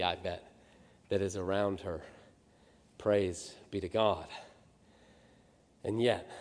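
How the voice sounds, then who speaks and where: A man preaching a sermon as pastor, swinging from hushed, slow words to loud, high outbursts. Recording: long reverb of a church hall.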